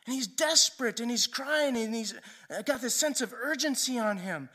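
Bright-voiced conversational male preacher. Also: very high voice, lively intonation, moderate pace. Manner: conversational storytelling, often asks "right?". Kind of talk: sermon.

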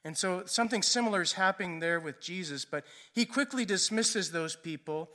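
A man's voice: high voice, expressive, normal speed, sharp tone. A male preacher giving a sermon in a conversational storytelling way, often checking in with "right?".

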